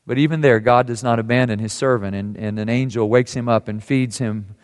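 A man preaching a sermon, telling a scripture story and quoting its voices softly. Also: mid-range voice, fairly even intonation, fairly quick, clear, resonant tone, big-room sound.

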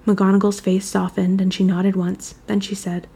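A woman reads a fan fiction story aloud at a steady, measured pace. Her voice is gravelly with a dark, mellow tone. The pitch sits at a typical middle range. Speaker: reader.

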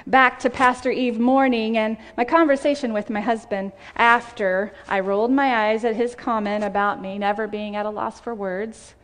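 A woman's voice: on the high side, steady tone, fairly bright tone. A woman pastor preaching a heartfelt sermon and reading scripture in a church. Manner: heartfelt, tearful gratitude, measured scripture reading. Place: church sanctuary.

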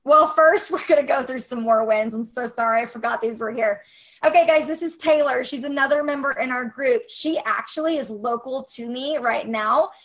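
A woman's voice: high-pitched, moderate pace, poor audio. A woman coaching photographers on a casual livestream, upbeat and encouraging, speaking straight to her viewers.

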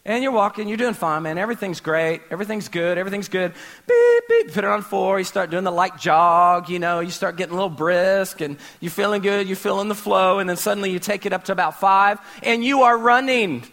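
A man's voice: sits high, fairly even intonation, fairly quick, hardly any pauses, a bit bright. A man preaching a sermon as a pastor, telling stories animatedly and acting out scenes with sound effects.

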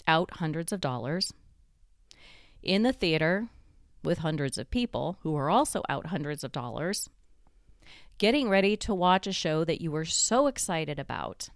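A woman's voice: low voice, sing-song, normal speed, dry recording, clean studio sound. A woman host telling a guided second-person story in a conversational way, drawing the listener into the scene.

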